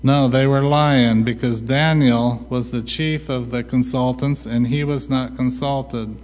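A man preaching a sermon, asking rhetorical questions and answering them himself with a slow, deliberate delivery. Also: medium pitch, fairly even intonation, a little mellow. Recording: long hall reverb.

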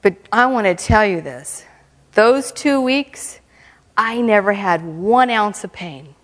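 A woman giving a lively, humorous mission testimony at church, often breaking into laughter. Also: mid-range voice, takes it slowly, long reverb tail.

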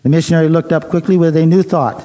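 Male preacher, mellow and fairly high, measured sermon storytelling. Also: steady tone, poor audio.

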